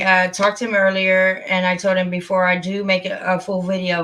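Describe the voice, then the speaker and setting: A woman's voice: mid-range voice, a bit bright. A middle-aged woman hosting a casual live stream, talking in a heartfelt, rambling and emphatic way. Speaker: channel host.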